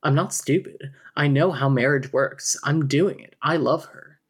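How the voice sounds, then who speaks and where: Man voicing a sarcastic young man, bitter, terse, slightly raised pitch, casual reading. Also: a little slow, breathy edge. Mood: defiant.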